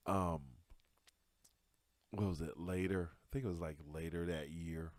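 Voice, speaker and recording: A man telling a comic story from his childhood, animated and profane, laughing through it and swinging between loud bursts and hushed asides. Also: deep voice, a little slow, pauses often, dry recording. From Detroit area. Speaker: comedian podcast host.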